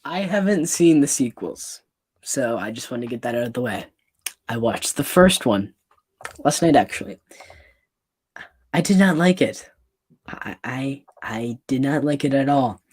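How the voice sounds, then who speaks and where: A young man hosts a casual interview chat. He gives his opinions flatly and bluntly, then jumps in with quick follow-up questions. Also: mid-range voice, husky. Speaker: host, interviewer.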